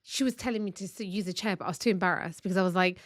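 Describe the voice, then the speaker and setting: A woman co-hosting a podcast from home, telling stories in a chatty, animated way. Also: medium pitch, racing, dry recording, studio quality. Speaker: podcast co-host. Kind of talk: casual chat. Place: family home.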